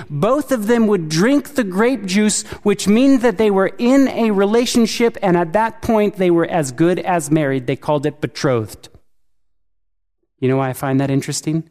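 A man's voice: sits high, normal speed, a little mellow. A male preacher delivers a sermon in an earnest tone and keeps putting questions to his listeners. His voice rings out with a long reverb, as if he is recorded in a large hall.

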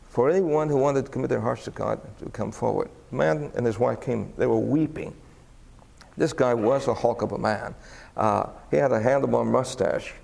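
A creaky, medium-pitched male voice carries a long reverb tail as he tells stories from the pulpit. He plays the people in them with animation, his voice climbing steeply on quoted exclamations.

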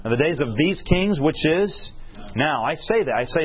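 Expressive and fairly quick, a man whose voice runs on the high side preaches and tells a story. He quizzes the crowd and supplies the answers himself, captured in husky, dull lo-fi audio.

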